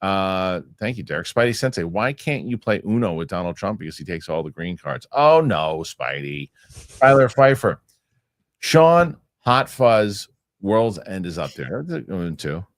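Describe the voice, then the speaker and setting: Deep-voiced male host reading chat. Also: big pitch swings, no room sound, clean studio sound. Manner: reads viewer comments aloud, halting restarts. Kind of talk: casual chat reading live chat.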